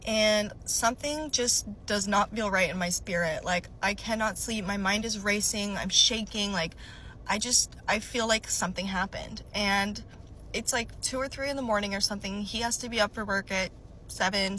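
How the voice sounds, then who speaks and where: Young woman, storytime vlogger, bright tone, chatty and animated, filler-heavy delivery. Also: mid-range voice, normal speed, slight background noise, poor audio. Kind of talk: storytime vlog, casual recounting.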